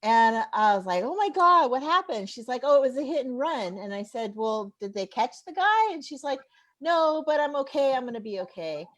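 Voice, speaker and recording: A woman comedian in her forties doing a stand-up set, telling animated stories and laughing at her own jokes. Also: a little high, moderate pace. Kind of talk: stand-up set over a live stream. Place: home bar.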